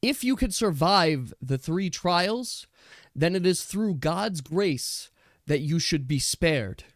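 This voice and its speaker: Male GM voicing a stern tribal empress, slow, solemn pronouncements. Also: a little high, lively intonation, no room sound, clean studio sound. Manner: solemn, measured.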